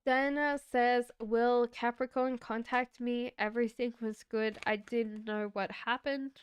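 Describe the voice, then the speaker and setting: A woman doing a live-stream tarot reading, talking in a slow, reflective, chatty way and giggling now and then. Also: fairly high pitch, steady tone, clean tone, no room sound. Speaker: tarot reader.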